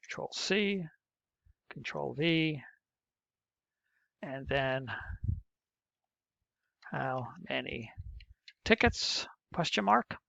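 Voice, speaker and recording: A man's voice: fairly high pitch, lively intonation, drawn-out words, gravelly, pauses often, sharp tone, no room sound. Man talking through a coding lesson. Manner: plain step-by-step explaining, muttering as he types. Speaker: teacher. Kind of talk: screen-recorded coding lesson. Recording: muffled, dull lo-fi mic.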